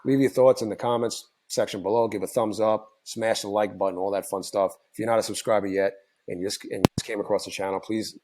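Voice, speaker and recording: A tired man whose voice is going hoarse walks his viewers through his trades in a loose, rambling way. He talks at a fairly low pitch, restarting sentences and filling pauses with ums and likes. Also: darkish tone. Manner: rambling, self-correcting, many fillers. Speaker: trading channel host. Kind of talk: casual screen-share recap.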